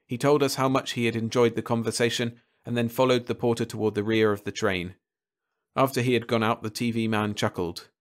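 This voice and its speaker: A man narrating a short story as an audiobook in a calm, steady way. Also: medium pitch, brisk. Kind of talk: scripted narration.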